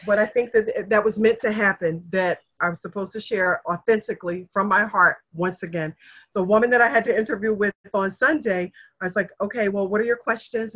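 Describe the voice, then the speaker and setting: Talking fairly quickly in a mid-range voice, a middle-aged woman shares her family history as a guest in a relaxed chat. She's an earnest, emotional storyteller who becomes animated when playing the people she quotes.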